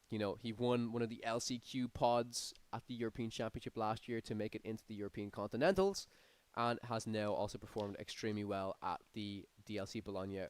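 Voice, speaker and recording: A man's voice: lowish voice, smooth, no echo. A man giving live play-by-play commentary on a card game tournament, his energy rising on big plays. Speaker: tournament caster.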